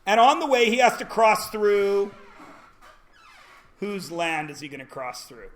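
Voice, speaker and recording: A man's voice: high-pitched, sing-song, measured pace. A man teaching a classroom lesson, joking and quizzing his students as he goes. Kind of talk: classroom lecture.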